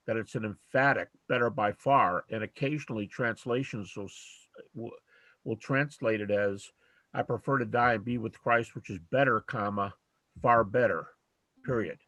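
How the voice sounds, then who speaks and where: An older man with a fairly low voice gives a personal testimony during a question session. He talks in a reflective, halting way, full of small pauses. The sound is close and dry. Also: fairly bright tone, dry recording. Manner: reflective, halting, storytelling with many "uh"s. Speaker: panelist answering audience questions.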